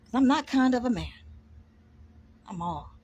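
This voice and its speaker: A woman's voice: a little high, expressive, a little slow, a little mellow, slightly rough, lo-fi sound. A woman delivering a defiant, profane rant to camera, combative and emphatic, repeating words for force. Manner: combative, heavy swearing, defiant.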